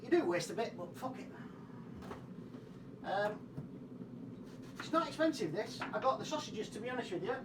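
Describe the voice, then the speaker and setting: A man's voice: high-pitched, sing-song, moderate pace, long pauses, noisy background. A man talks casually through a home cooking demonstration. He is chatty, swears freely and pokes fun at himself. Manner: chatty, sweary and self-mocking. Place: home kitchen. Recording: roomy, distant kitchen sound.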